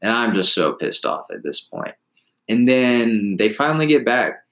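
A man's voice: medium pitch, big pitch swings, moderate pace, fairly bright tone, low-quality recording. A man casually telling a long story, rambling with restarts and laughing at himself.

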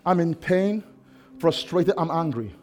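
Impassioned high-voiced preacher man. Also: animated, unhurried, soft background music. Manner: impassioned preaching, swinging from shouts to hushed tones. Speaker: pastor. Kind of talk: sermon.

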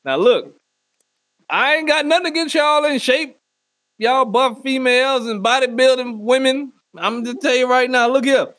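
High-pitched man, crude comic rant, dry close sound, loud rambling delivery. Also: normal speed, dry recording. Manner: loud profane rambling, slips into mock voices. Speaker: comedy podcast host. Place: Northwest Arkansas.

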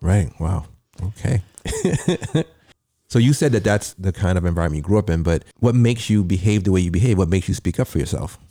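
A man's voice: deep voice, expressive, a little fast, dark tone, no echo, clean studio sound. A man hosting an interview, asking probing follow-up questions. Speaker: host. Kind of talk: casual interview conversation.

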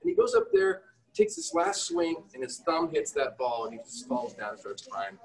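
Speaking at a normal pace in a mid-range voice, a middle-aged entrepreneur and father recounts candid, self-mocking anecdotes during a chat. The recording is distant and poor, and he's lively, quoting himself with a raised voice.

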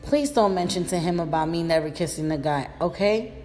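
A woman's voice: fairly low pitch, animated, brisk, darkish tone, in a large hall, soft background music, natural voice. A woman voicing a shy, nervous young woman before her first date in a read-aloud story. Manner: hesitant and anxious.

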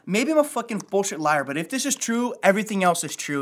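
A man in his twenties telling stories in casual, profane, excitable chat with friends. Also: sits high, fast.

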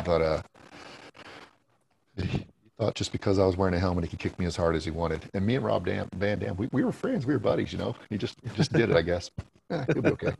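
A man's voice: low-pitched, lively intonation, fast, creaky, darkish tone, slightly rough, poor audio. A man as a podcast guest, telling stories in a laid-back, casual way, swearing freely and laughing between lines. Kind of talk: casual storytelling chat.

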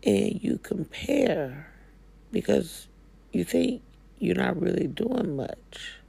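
Woman, spiritual coach, slow drawl, gravelly husky voice, living room talk. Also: fairly low pitch, very animated, mellow. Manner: folksy, drawling, slangy Southern-style speech. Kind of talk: casual motivational talk.

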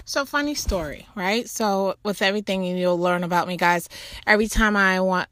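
Speaking at a moderate pace in a medium-pitched voice, a mother shares a faith talk on trust. It's a meandering personal anecdote, casual and lively, sprinkled with "you know" and sudden animated leaps in tone.

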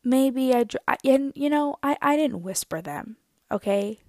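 A woman's voice: high-pitched, animated, measured pace, a little mellow, dry recording. A woman in her twenties telling a story to her viewers in a casual, dramatic, self-mocking way. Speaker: vlogger.

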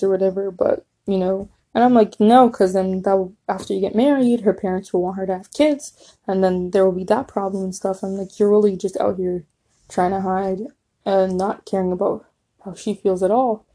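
A young woman with a warm, mellow voice talks through a TV season in a relaxed vlog. She is animated and gushing, and she quotes characters without changing her voice. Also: medium pitch. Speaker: TV show reviewer. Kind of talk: casual chatty review.

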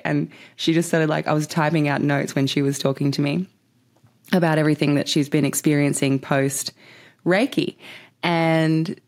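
A young woman with a slightly low voice talks fast and loose, piling on fillers and casual swearing as she tells a story to her listeners. Her telling is excitable and unpolished, the sound of a casual podcast host. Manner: chatty and excitable, heavy use of filler "like", frequent swearing. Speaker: podcast host and Reiki practitioner.

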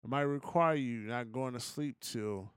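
A man co-hosting a podcast, giving his opinions in a relaxed, slangy, casual chat. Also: medium pitch, a little slow, smooth, no echo, studio quality. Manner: laid-back, opinionated, slangy. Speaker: podcast co-host.

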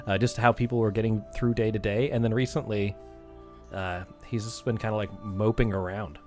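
A man's voice: fairly low pitch, fairly even intonation, moderate pace, darkish tone, soft background music. A man narrating as game master of a tabletop game, talking loosely with many fillers. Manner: loose, rambling, lots of fillers.

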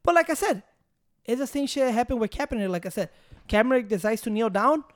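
A man's voice: very high voice, quick pace, dry recording, studio quality. A man on a casual podcast, telling a story in an exasperated, profane way. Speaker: podcast co-host. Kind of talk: casual chat.

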